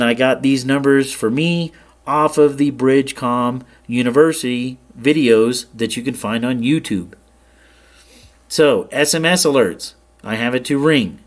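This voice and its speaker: A man at mid pitch talks a viewer through software settings in an easygoing tutorial. He explains in a plain, relaxed way and stops now and then to check that the viewer is following. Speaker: ham radio tutorial host. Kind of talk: casual screen-share tutorial.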